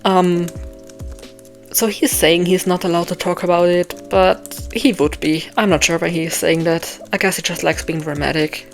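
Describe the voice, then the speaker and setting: A woman's voice: on the low side, steady tone, moderate pace, faint music behind. A young woman thinking aloud as she writes her novel, rambling and self-deprecating, with plenty of ums and restarts and a voice getting tired. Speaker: author writing a novel live. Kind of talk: casual thinking aloud while writing.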